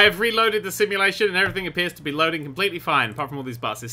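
Man, young, game commentary, excitable, very bright voice, lively pitch. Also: rapid-fire, hardly any pauses. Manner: excitable, giggly, sarcastic asides. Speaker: gaming YouTuber. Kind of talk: let's play commentary.

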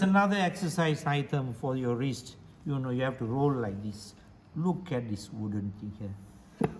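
A man's voice: mid-range voice, moderate pace, darkish tone. A man, hosting a comic show-and-tell vlog at home, full of mock amazement. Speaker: vlogger host. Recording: echoey room with background noise.

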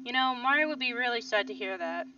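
A woman's voice: a little high, fast talker, sharp tone, slight background noise. A woman reading a video game's lines as an earnest, stubborn teenage boy who confronts an old friend and pleads with her. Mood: confrontational. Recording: slightly distant, dull lo-fi mic.

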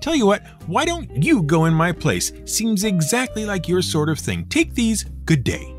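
A man narrating folktales in a wry, expressive storytelling manner. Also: medium pitch. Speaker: storyteller host. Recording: guitar music playing beneath. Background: guitar music.

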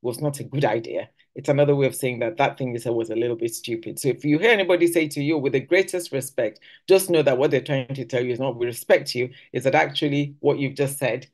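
Lively woman teaching at church. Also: fast talker, hardly any pauses. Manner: lively, acts out quoted phrases with big pitch jumps. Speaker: church speaker.

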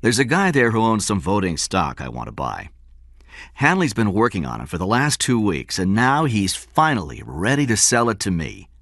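A man voicing a confident, scheming businessman in an audiobook, brisk, excited and commanding. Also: fairly low pitch, dry recording, studio quality, voice pushed up, heavily acted.

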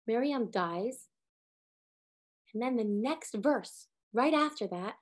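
High-voiced, animated woman teaching. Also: takes it slowly, long pauses. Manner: animated storyteller, acts out quoted voices. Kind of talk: Torah lesson to a group.

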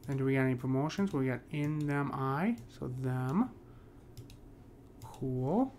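A man's voice: medium pitch, a little mellow, a little hiss or hum. Casual man explaining poetic meter. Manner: talks through steps with frequent "right?" and fillers; reads verse lines slowly and deliberately. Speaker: poetry teacher.

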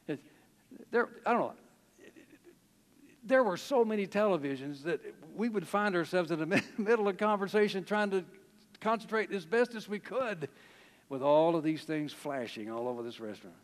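A man's voice: high-pitched, expressive, normal speed, long pauses. A man preaching a sermon, telling stories, reading quotes aloud and chuckling often. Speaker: pastor. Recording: long hall reverb.

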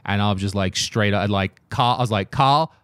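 A man hosting a podcast, chatting casually with quick jokes and frequent laughter. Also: lowish voice, a bit bright, clear, resonant tone, dry recording. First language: not Estonian. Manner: quick, joking, laughs often. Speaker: podcast host.

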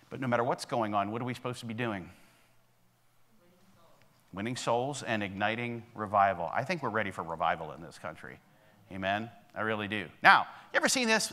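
Bright-voiced man preaching a sermon. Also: mid-range voice. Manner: conversational preaching with frequent "okay?" and "right?" check-ins to the congregation. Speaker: pastor. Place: church sanctuary.

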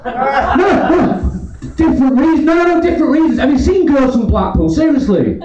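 A man's voice: very high voice, expressive, moderate pace, distant mic. A drunk man doing a rambling stand-up set in a comedy club, swearing constantly and laughing as he goes. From England. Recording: roomy club recorded from afar, dull, crowd laughter. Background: audience laughter.

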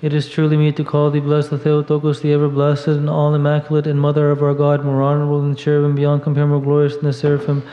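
A man reading liturgical hymns aloud in a steady, even recitation at a church service, now and then stumbling over a word. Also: on the high side, fast, few pauses. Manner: steady monotone recitation with small slips. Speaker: reader at a monastery service. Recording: dull echoey church audio.

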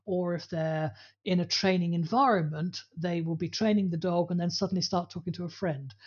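A woman's voice: on the low side, darkish tone, husky, lo-fi sound. A woman co-hosting a podcast about dog training, talking casually and telling anecdotes with acted-out voices. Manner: storytelling, acts out voices in anecdotes.

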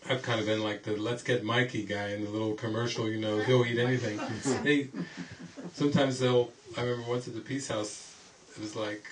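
A man's voice: fairly low pitch, steady tone, a little fast, crowd noise. A man teaching at a retreat, rambling through anecdotes and often laughing as he talks. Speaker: spiritual teacher. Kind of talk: informal retreat teaching with stories. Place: indoor retreat gathering. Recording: distant mic with faint background noise.

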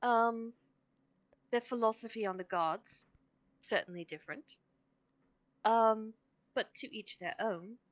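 A woman playing a tabletop role-playing game, talking in a deliberate, wry way with thoughtful pauses. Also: fairly high pitch, no echo. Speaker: player. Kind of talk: in-character tabletop role-play.

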